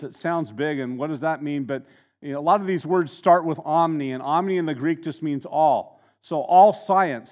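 A man preaching a sermon in a conversational way, slowing down to stress key words and often restarting his sentences. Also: a little high. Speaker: pastor.

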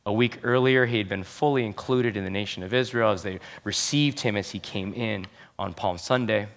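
A man preaching a sermon as a pastor, earnest and emphatic, slowing down to stress key phrases. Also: fairly low pitch.

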